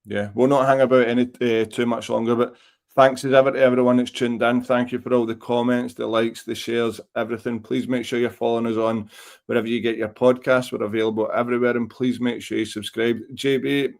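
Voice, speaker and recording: A man's voice: medium pitch, little pitch movement, brisk, gravelly. A Scottish man hosting a football podcast, giving blunt, exasperated opinions in casual chat over a remote call. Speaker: podcast host. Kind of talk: live football reaction chat.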